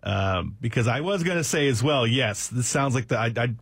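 A man's voice: mid-range voice, animated, moderate pace, gravelly, a bit bright, husky, no echo, clean studio sound. A man co-hosting a morning radio show, sardonic and prone to exaggerated outbursts. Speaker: radio co-host. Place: radio studio.

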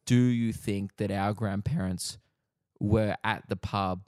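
A man's voice: fairly low pitch, steady tone, slow pace, darkish tone, dry recording, studio quality. A young Australian man on a podcast, casual and crude with his jokes. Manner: crude, joking. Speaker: podcast co-host. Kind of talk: casual chat.

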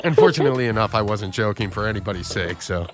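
A man co-hosting a casual radio show who trades quick, jokey quips. His voice bounces lively up and down. Light music runs beneath him. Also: fairly low pitch. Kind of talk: casual morning radio chat.

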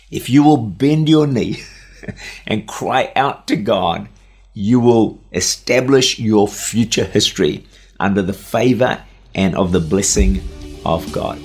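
Earnest male radio preacher. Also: mid-range voice. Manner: earnest storytelling, slows for emphasis. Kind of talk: radio sermon.

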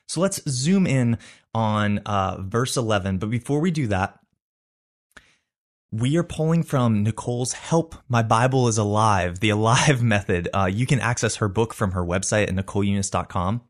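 Guy with a lowish voice walking through a bible verse, earnest and thoughtful, chatty. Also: lively intonation, normal speed. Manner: earnest, reflective, conversational. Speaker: Bible study host. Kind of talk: devotional Bible teaching.

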